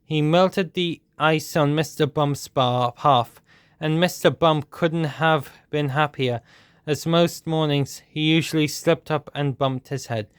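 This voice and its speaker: A man reading a children's storybook aloud at a steady, measured pace. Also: fairly high pitch, smooth, dry recording, clean studio sound.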